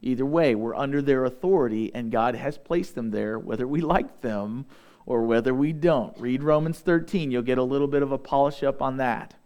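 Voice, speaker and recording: A young adult man preaching a sermon, reading scripture aloud and slowing down to stress key words. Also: mid-range voice, darkish tone, clean tone. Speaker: pastor.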